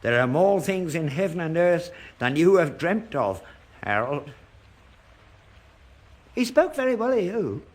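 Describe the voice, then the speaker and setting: A man's voice: fairly high pitch, big pitch swings, unhurried, long pauses. An actor playing a gullible elderly father who talks earnestly about seances, in a broadcast sitcom. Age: older. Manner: earnest, credulous, indignant.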